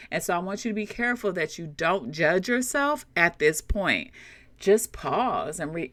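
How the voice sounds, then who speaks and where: A woman hosting a leadership coaching podcast, talking to her listeners directly in an animated, conversational way. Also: on the low side, normal speed, no room sound.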